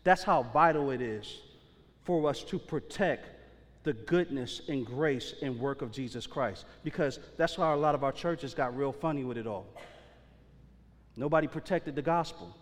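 In a church sanctuary, a pastor preaches a sermon in a casual, slangy style, regularly checking in with the congregation. His voice sits in the mid-range and moves at normal speed. The large hall gives the recording a long reverb.

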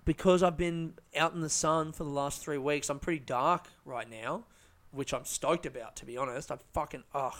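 A man's voice: fairly high pitch, normal speed, fairly bright tone. A young man, a comedian, telling a rambling story and ranting with lots of swearing in a casual monologue outdoors. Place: outdoors under a tree.

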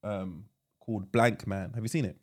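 A male podcast co-host casually retells a film scene, rambling, animated and laughing as he goes. His voice is fairly low in pitch and moves at a normal speed.

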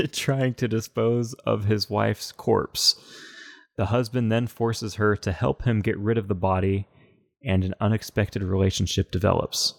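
A man co-hosting a casual podcast, speaking in an easygoing, measured way with some fillers. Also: lowish voice, fairly even intonation, gravelly. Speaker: podcast co-host presenting films.

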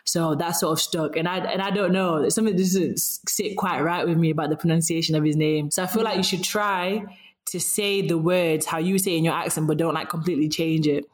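A woman's voice: low-pitched, fairly even intonation, brisk. A young woman from Zimbabwe with a Sheffield accent, a podcast guest chatting casually and animatedly, laughing often and saying "like" a lot. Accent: Sheffield English. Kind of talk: casual conversation.

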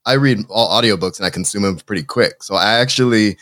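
A male host praises his guest in a casual, enthusiastic way, tripping over his words at times. His voice is low. The sound is dry and close. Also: fast talker, a bit bright, no room sound. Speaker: podcast host. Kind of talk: conversational interview.

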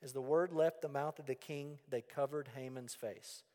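A pastor giving a folksy, animated sermon. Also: male voice, mid-range voice, normal speed. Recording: long reverb in a church hall.

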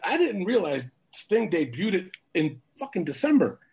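A man co-hosting a wrestling review podcast, animated and incredulous, swearing freely as he rants. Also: sits high, normal speed, vocal fry, husky. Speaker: podcast co-host. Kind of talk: casual wrestling review chat.

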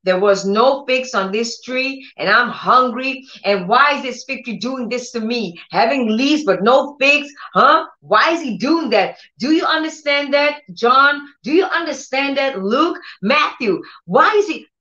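A woman's voice: high voice, animated, a little slow, few pauses, sharp tone, echoey room, muffled recording, voice pushed up, full character voice. A woman voicing an adult male Jesus who fussily complains to his disciples and calls out their names, as part of a sermon. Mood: mock complaint.

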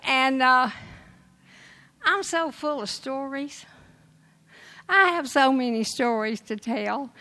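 A woman's voice: sits high, slow, long pauses, pushed and bright, poor audio. An older woman giving a personal testimony at church, telling her story with emotion, laughter and quoted dialogue.

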